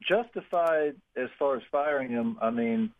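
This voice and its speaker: A man caller comes through over a narrow, tinny phone line, with a medium-pitched voice. He hesitates often and leans heavily on fillers. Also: unhurried. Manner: hesitant, full of "you know". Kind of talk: call-in radio chat.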